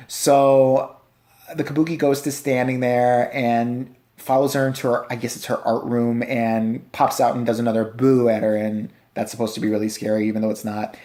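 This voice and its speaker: A man's voice: medium pitch, darkish tone. A man giving a casual, ranting movie review, sarcastic and profane, mocking what he watched. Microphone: handheld camera.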